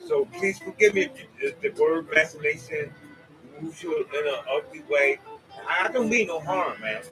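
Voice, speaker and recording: Male host, high bright voice, rambling preachy talk, faint music behind. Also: lively intonation, normal speed, rough recording. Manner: rambling, preachy, swears, talks to listeners as y'all. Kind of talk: casual spoken monologue.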